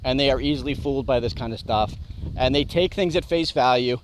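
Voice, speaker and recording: A man co-hosting a political talk radio show, talking in a measured way and often chiming in with short agreements. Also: medium pitch, slight background noise.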